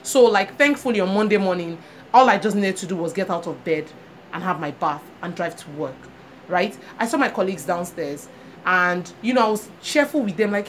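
Her medium-pitched voice is animated and brisk as she co-hosts a podcast, chatting casually and telling a story in which she acts out each person she quotes. The recording carries faint background noise.

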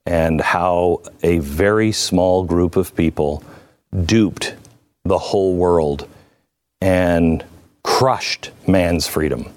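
A man who is a guest commentator, speaking in deliberate, impassioned commentary that rises to fervent appeals. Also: deep voice, a little mellow.

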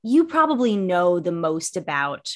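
A woman's voice: on the low side, very animated, measured pace. A woman guesting on a podcast in casual chat, self-deprecating, giggly and rambling.

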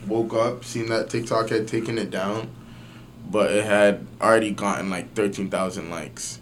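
A young man telling a story in casual podcast chat, slangy and animated, swearing often and using lots of fillers. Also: fairly low pitch, normal speed, slight background noise. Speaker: podcast guest.

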